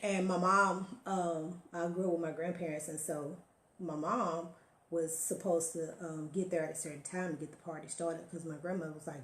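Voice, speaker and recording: A woman's voice: fairly low pitch, fairly even intonation, moderate pace, roomy sound, a little hiss or hum. A woman giving an emphatic motivational talk to her viewers, preaching and telling stories, calling listeners honey. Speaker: motivational live-stream host.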